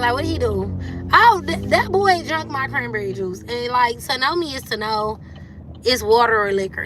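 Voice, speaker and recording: Chatty woman in her thirties. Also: noisy background. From Detroit, USA. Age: 30s. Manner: candid and chatty, acting out quotes with sudden jumps up in pitch. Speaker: livestream host. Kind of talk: casual storytelling chat.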